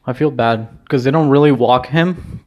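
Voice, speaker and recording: A man's voice: medium pitch, moderate pace, a little mellow. Rambling, casual man talking at home. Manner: rambling, hesitant, swears casually. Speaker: vlogger. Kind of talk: casual chat. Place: at home, indoors.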